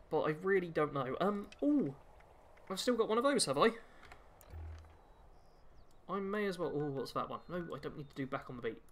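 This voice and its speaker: A man's voice: fairly high pitch, a bit bright. A man chatting casually while streaming a game and reading viewer messages aloud. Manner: chatty, reads chat aloud while playing. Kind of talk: casual live-stream commentary.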